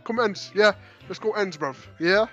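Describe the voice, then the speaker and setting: A man's voice: sits high, normal speed, a bit bright, highs cut off, soft background music. A man doing a swaggering street-tough slang voice. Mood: boastful. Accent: Northern English putting on London slang. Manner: thick street slang, boasting and threatening. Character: swaggering young male London street tough.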